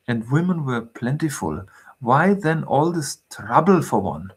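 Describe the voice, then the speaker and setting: Gravelly man reading a novel aloud. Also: medium pitch. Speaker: reader.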